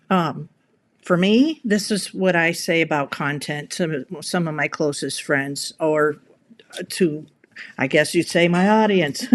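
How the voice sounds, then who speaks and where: Chatty middle-aged woman on a live stream. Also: on the low side. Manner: chatty, rambling, with frequent laughs and restarts. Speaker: content creator. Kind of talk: casual live video talk. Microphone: camera mic.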